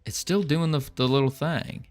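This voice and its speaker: A man's voice: on the high side, moderate pace. A man on a casual livestream, rambling and thinking aloud with small restarts while he works on code. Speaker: game developer streaming.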